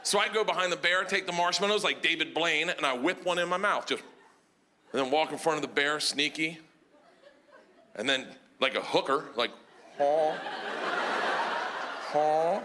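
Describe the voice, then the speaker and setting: Loud high-voiced man doing stand-up. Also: normal speed. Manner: loud, animated storytelling with shouted punchlines. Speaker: stand-up comedian. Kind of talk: stand-up storytelling. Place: comedy club stage with audience. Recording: live stage recording with crowd noise. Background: audience laughter.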